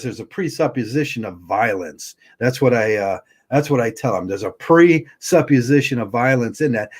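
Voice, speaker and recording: A man hosting a livestream, ranting heatedly and bluntly, often stumbling and restarting his words. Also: mid-range voice. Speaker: livestream host.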